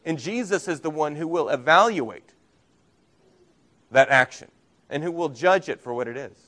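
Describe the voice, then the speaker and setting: A man preaching a sermon as a pastor, earnest, rising for emphasis and dropping to soft, low phrases.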